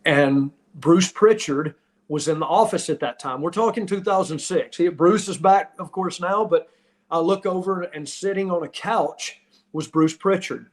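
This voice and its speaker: A man in his fifties, a podcast host and former wrestler, telling stories in casual chat with frequent laughs. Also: a little high. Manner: animated storyteller, laughs often.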